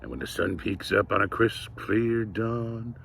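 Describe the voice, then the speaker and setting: A man reading a picture book aloud to children, playful and animated, chatting with them between pages. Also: fairly low pitch, unhurried, creaky, slight background noise. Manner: playful, animated, talks to kids directly. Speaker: storytime reader.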